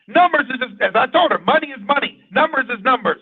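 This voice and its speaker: A man's voice: very high voice, expressive, quick pace, few pauses, husky, dry recording. A man hosting an informal broadcast talk, conversational and full of rhetorical questions to his listeners. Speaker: broadcast host. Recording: dry, tinny phone-like sound.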